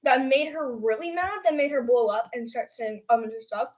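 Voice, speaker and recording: A young teenage girl with a high voice chimes in on a story told with a friend. She talks casually and defends her side. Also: moderate pace. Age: young teen. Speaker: co-host.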